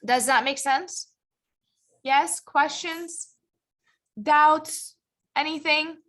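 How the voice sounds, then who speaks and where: In a high-pitched, slightly bright voice and at an extremely slow pace, an ESL teacher explains English grammar to a live class that's also streamed. She's patient and encouraging, repeatedly asking students whether they're keeping up.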